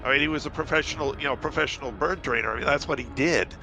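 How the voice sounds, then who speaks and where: A man's voice: mid-range voice, rapid-fire, vocal fry, music in the background. A man chatting casually on a headset in a group voice chat, rambling with many fillers, a little tipsy and half asleep.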